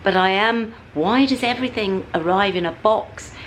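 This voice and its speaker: A middle-aged British woman talking to camera in a casual vlog, ranting animatedly with big swings in pitch. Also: normal speed, a little hiss or hum, low-quality recording. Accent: British English. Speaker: vlogger. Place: at home and out on a city street.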